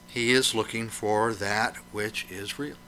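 A man's voice: lowish voice, steady tone, takes it slowly, bright, forceful tone, a little hiss or hum. A man preaching a sermon, emphatic and questioning, his voice swelling and dropping to press each point.

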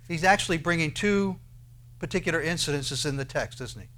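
A man preaching a sermon, who swings between loud declarations and quiet asides and asks his listeners many rhetorical questions. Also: on the high side, fairly quick. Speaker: pastor.

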